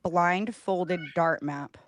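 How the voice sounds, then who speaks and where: A woman's voice: fairly low pitch, drawn-out words, no echo. Playful woman co-host, dry sound. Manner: playful, joking. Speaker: livestream co-host. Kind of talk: casual live-stream banter.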